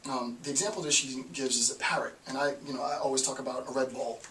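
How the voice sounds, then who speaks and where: A man gives a philosophy lecture in a loose, talky way, repeating key phrases to drive them home. His voice is bright and forward. It is recorded from some distance in an echoey room with faint hiss behind it. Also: mid-range voice, fairly even intonation, quick pace. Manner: conversational, repeats phrases for emphasis.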